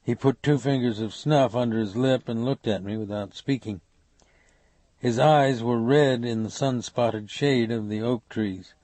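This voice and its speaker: A man narrating an audiobook in a steady, measured way on a close mic. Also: mid-range voice, no echo. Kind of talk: scripted narration.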